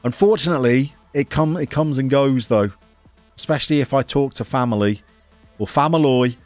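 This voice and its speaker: A man from the English Midlands with a soft Birmingham accent, chatting casually and wryly to his chat while playing a football management game. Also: mid-range voice, moderate pace, no room sound, soft background music. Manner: wry, self-mocking chatter to chat. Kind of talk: casual live-stream commentary.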